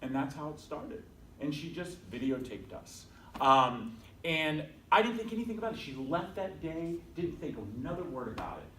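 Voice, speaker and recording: A man's voice: on the high side, animated, normal speed, fairly bright tone. A man tells his story to a class in a chatty, self-deprecating way, and he acts out the people he quotes. He sounds distant, as if picked up from across an echoey room. A faint hum of room noise sits underneath. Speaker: guest speaker. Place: conference room at a bank, from a distance.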